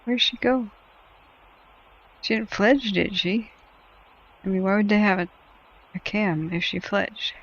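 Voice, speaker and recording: A woman's voice: medium pitch, takes it slowly, pauses often, dull audio. A woman hosting a wildfire-tracking livestream, chatting playfully and joking about bird cams. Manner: playful, narrates bird cams with jokes and laughter. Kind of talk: casual livestream chat.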